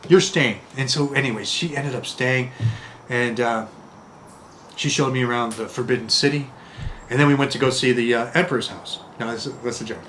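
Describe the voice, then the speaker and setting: A man from Chicago in his fifties, telling travel stories in a casual, rambling, animated way with lots of "you know". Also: medium pitch, a little hiss or hum. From Chicago, USA. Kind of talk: casual storytelling.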